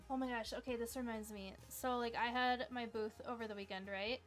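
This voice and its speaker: A woman's voice: fairly high pitch, fairly even intonation, normal speed, faint music behind. A young woman hosting a casual livestream trivia game, chatty and upbeat, dropping "like" often as she talks to viewers.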